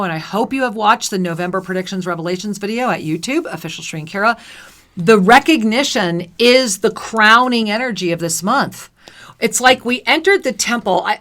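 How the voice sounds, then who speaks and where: Bright, effusive spiritual radio woman. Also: medium pitch. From New Jersey. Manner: effusive, sing-song, laughs often. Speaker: radio show co-host and intuitive reader. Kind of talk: spiritual talk radio with caller readings.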